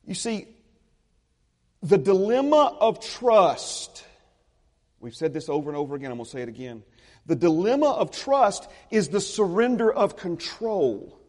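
Man, pastor, high voice, emphatic sermon, repeats phrases, long church-hall reverb. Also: big pitch swings, measured pace. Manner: emphatic preaching, repeats phrases, drops to a hush.

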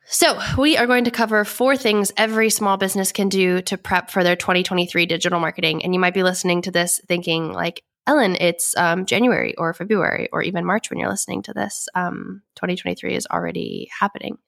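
A woman co-hosting a marketing podcast, her voice raspy and gravelly from weeks of illness, explaining in a relaxed way with many fillers. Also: fairly low pitch, a little fast, hardly any pauses. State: sick with a cough. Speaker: podcast co-host. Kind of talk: casual podcast chat.

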